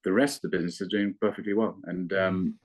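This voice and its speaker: Male fund manager, very low voice, analytical and measured, given to restarts. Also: steady tone. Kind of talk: investment interview.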